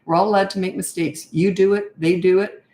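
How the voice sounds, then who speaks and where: A woman's voice: fairly low pitch, fairly even intonation, fairly quick, dark tone, reverberant, a little hiss or hum. A middle-aged woman coaching parents in a live Q&A, giving blunt, no-nonsense advice with rhetorical questions. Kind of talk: live Q&A, answering viewer questions.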